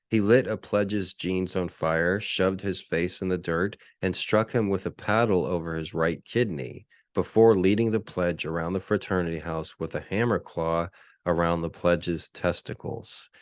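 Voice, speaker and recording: A man hosting his own solo podcast, talking casually and deadpan, with lots of ums and uhs. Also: deep voice, no echo, studio quality. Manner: relaxed, filler-heavy, deadpan. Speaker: podcast host.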